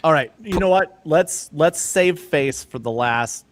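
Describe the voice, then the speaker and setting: A man's voice: a little high, animated, measured pace, dry recording. Joking man on a dry podcast mic. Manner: jokey, rambling, laughs often. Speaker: podcast host. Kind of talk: casual chat.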